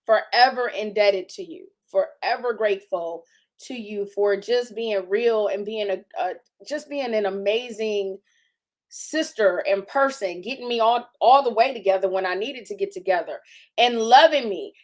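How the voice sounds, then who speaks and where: A woman in her forties hosting a faith conversation, emotional and testifying with emphatic warmth. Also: mid-range voice, moderate pace. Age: 40s. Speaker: podcast host.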